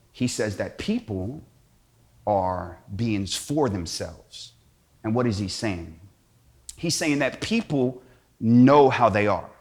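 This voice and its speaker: Lively, animated man telling a story. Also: mid-range voice. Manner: slangy, storytelling, acts out quotes. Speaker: Catholic speaker. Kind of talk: animated inspirational talk.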